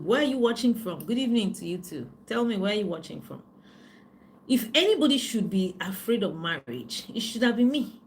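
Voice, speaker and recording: A woman, a life coach chatting with viewers on a live stream, telling stories in an animated way. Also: medium pitch, slight background noise. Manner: chatty, animated storytelling with frequent "you know".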